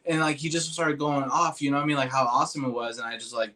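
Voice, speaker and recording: A man's voice: medium pitch, fairly even intonation, fast talker, hardly any pauses, bright, forceful tone. A man telling a personal story in casual, rambling talk, full of "like" and "dude", swearing freely and turning earnest about moving moments. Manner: earnest and emotional when recalling a moving moment.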